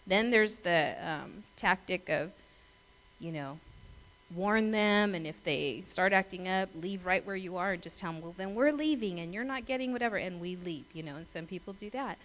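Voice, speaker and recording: A woman's voice: lowish voice, normal speed, a bit bright, poor audio. Middle-aged female pastor, conversational sermon, storytelling, acts out voices. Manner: chatty storytelling, asks the congregation questions; acts out voices and laughs in her stories.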